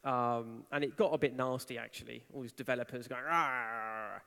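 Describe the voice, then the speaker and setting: A man's voice: mid-range voice, little pitch movement, brisk, vocal fry, a bit bright. A man giving a conference talk, telling a story with animation and acting out the people he quotes. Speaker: conference speaker. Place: large conference hall. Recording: reverberant hall.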